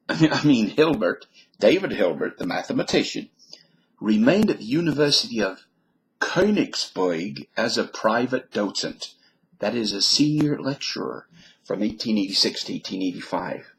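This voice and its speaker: A man's voice: fairly low pitch, sing-song, normal speed, low-quality recording. A man reading a mathematician's biography aloud who keeps breaking off into wisecracking asides and comments on his own reading.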